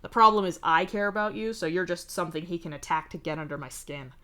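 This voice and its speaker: A woman reading the lines of a sardonic, profane young man in a live fanfic reading, with a wry, deadpan delivery. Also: fairly low pitch, fast, lightly acted. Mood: bitter. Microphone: streaming mic.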